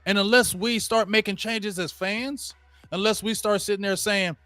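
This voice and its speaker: A man's voice: high voice, brisk, bright, forceful tone, dry recording, faint music behind. Slangy man ranting straight at viewers. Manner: ranting, addresses viewers directly; casual slangy talk. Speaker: sports show host. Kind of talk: live play-by-play rant while watching a game.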